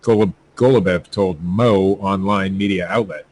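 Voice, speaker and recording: A man's voice: low voice, normal speed, a little mellow, low-quality recording. A man hosting a podcast, reading news stories aloud with stumbling, joking asides. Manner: stumbling, laughing at his own jokes. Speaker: podcast host.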